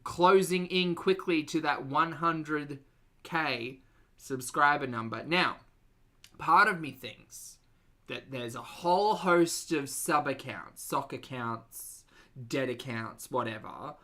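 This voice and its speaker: An Australian man hosting a livestream, talking loudly in a chatty, self-mocking way as he greets viewers and comments on videos. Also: fairly high pitch, takes it slowly. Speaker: reaction livestream host.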